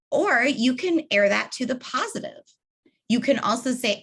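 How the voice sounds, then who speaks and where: A young adult woman with a fairly bright, high-leaning voice leads an online training session over a video call. She's animated, upbeat and conversational, speaking unhurriedly and addressing the group as "y'all."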